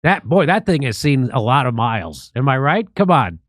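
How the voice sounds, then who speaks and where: A man's voice: medium pitch, big pitch swings, normal speed, fairly bright tone, dry recording. A man hosting a comedy show, delivering sarcastic, joking satirical commentary.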